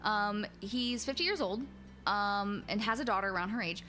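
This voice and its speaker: A woman hosting a stream, chatting casually in an animated way with many restarts. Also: mid-range voice, normal speed, soft background music. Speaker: streamer host. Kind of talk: casual reaction chat.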